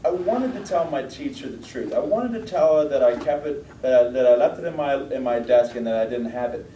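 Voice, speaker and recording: A man voicing his young daughter as a guilty, flustered schoolgirl who explains herself in halting bursts. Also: animated, dark tone, natural voice. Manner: earnest, halting, tumbling explanations. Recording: roomy, distant mic, faint rumble.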